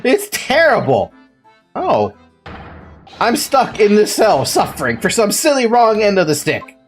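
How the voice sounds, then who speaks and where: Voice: mid-range voice, huge pitch swings, measured pace, faint music behind, pitched above the performer's own voice. A let's-player voicing a melodramatic, anxious young male student who wails theatrically. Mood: dramatic. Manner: theatrical wailing. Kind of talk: reading game dialogue aloud.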